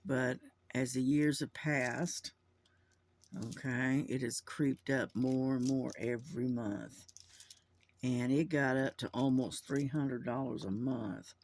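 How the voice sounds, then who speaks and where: A man's voice: medium pitch, steady tone, takes it slowly, a little mellow, no room sound. A man chatting casually to his camera at home, rambling with lots of fillers and restarts. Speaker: vlogger. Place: at home indoors. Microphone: camera mic.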